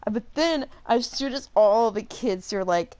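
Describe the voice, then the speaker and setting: A young adult woman hosting a gaming channel, telling a rambling story while she plays, animated and full of fillers and laughter. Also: a little high, measured pace. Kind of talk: casual storytelling while playing a game.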